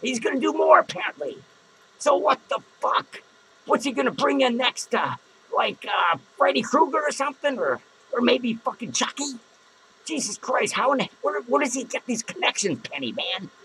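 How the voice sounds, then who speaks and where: A man's voice: extremely high pitch, animated, normal speed, sharp tone, a little hiss or hum, heavily acted, low-quality recording. A man playing a foul-mouthed, jittery male clown who hosts a podcast and rants crudely and nervously at his viewers. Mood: ranting. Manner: swearing, rambling, nervous outbursts. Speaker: podcast host. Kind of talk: profane comedic rant to viewers. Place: podcast studio.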